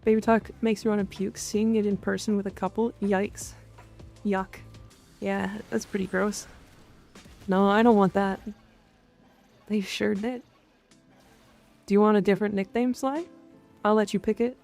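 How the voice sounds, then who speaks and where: A woman's voice: medium pitch, little pitch movement, a little slow, gravelly, pauses often, a little mellow, faint music behind. A woman from Canada streaming live, chatting casually and frankly with her chat, with some swearing and jokes. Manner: frank, profane, joking. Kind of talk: casual chat reading and answering chat.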